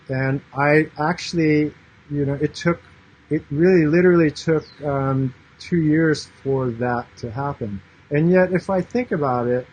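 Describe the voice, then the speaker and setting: A man's voice: mid-range voice, a little mellow, a little hiss or hum, low-quality recording. A man in his thirties, a yoga and meditation teacher, talking casually and earnestly to camera, rambling with many fillers and restarts.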